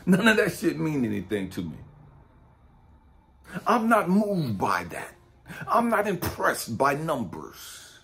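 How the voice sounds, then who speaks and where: Blunt, profane preaching man with a lively pitch. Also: takes it slowly, vocal fry, long pauses. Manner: blunt and profane, swinging between low muttering and high shouting. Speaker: spiritual coach and speaker. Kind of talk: profane street-style preaching monologue.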